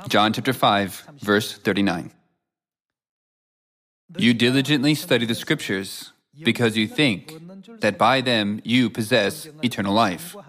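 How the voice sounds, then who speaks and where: A man preaching in a measured, solemn read-aloud style, quoting scripture between his points. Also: fairly low pitch, a bit bright. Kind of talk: scripted sermon narration.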